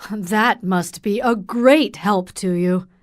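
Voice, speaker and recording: A woman's voice: medium pitch, slow pace, dry recording, studio quality, natural voice. A woman reading the lines of a stern middle-aged male doctor in an audiobook, firm and direct.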